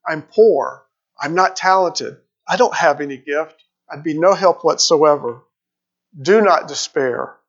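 A man delivers a sermon, reading scripture aloud and pausing to ask his listeners questions. His voice sits a little high for a man. The recording is dull and lo-fi. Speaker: preacher.

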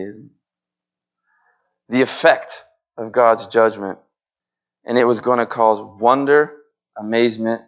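A man's voice: mid-range voice, muffled recording. A man preaching a sermon in an earnest way, repeating phrases and acting out pleading prayers.

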